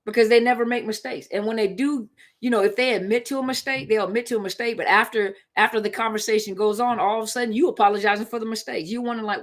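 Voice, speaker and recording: A woman's voice: mid-range voice, brisk. Emphatic woman hosting a live talk. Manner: conversational, emphatic, repeats points. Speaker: live-stream host on relationships. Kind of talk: casual live-stream talk.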